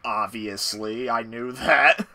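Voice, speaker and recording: A young man chatting casually with friends while streaming a game, telling stories with sudden loud bursts. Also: mid-range voice, takes it slowly, vocal fry. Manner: animated storyteller, yells in bursts. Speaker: gaming streamer. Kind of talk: casual gaming chat with friends.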